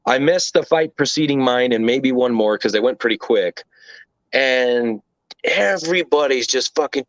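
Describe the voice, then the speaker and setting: Speaking at a normal pace in an animated, mid-range voice, the interview guest relates a casual story loaded with swearing and rambling sidetracks. The sound is dry, dull and lo-fi.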